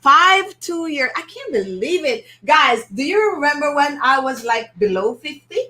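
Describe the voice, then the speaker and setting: A woman in her fifties chats casually with viewers on her beauty channel, answering their comments one by one. Her voice sits high and sounds bright and forward. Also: animated, normal speed. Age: 50s. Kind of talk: casual live-stream chat with viewers.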